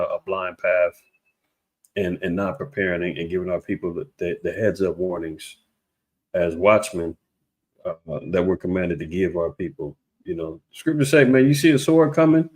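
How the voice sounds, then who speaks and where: A man offers casual religious commentary online in a darkish tone. He rambles and preaches, restarts often, and mocks others with raised-pitch impressions.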